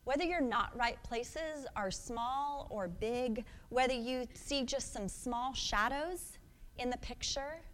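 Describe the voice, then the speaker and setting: A woman's voice: a little high, big-room sound. A woman in her thirties preaching a sermon, earnest and reflective, asking the congregation questions. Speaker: pastor.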